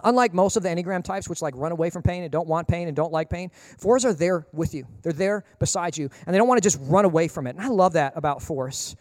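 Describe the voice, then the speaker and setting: A man preaching a sermon as pastor, emphatic and humorous, acting out people in quick asides. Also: a little high, clean studio sound. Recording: long reverb of a large hall.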